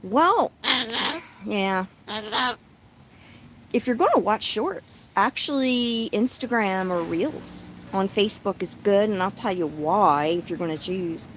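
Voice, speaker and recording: Slow-talking woman chatting to her viewers. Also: medium pitch, lively intonation. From Tennessee. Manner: soothing a noisy bird between chatty asides. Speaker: vlogger with a pet cockatoo. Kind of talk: casual chat while reading comments. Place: outdoors at home with birds and dogs nearby. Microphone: handheld phone.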